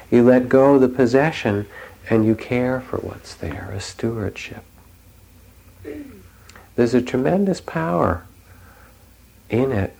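A man gives a dharma talk in a low, gravelly voice. He speaks as a meditation teacher, gentle and reflective, telling stories with soft pauses between his thoughts. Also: rough recording.

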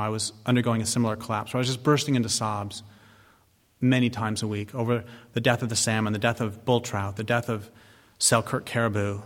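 Guy giving a fiery talk, blunt and sarcastic, middle-pitched voice, lots of hall reverb. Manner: blunt, sardonic, swears. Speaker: speaker giving a public talk. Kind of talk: impassioned public talk. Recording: long reverb of a large hall.

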